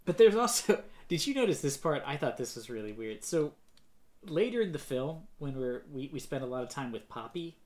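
A man's voice: a little high, sing-song, moderate pace, a little mellow. A man co-hosting a casual movie review podcast, rambling with lots of fillers and mocking put-on quotes. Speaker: podcast co-host.

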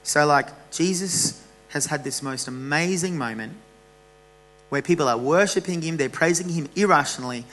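A man preaching a casual, animated sermon to a church youth gathering. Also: fairly high pitch, moderate pace, poor audio.

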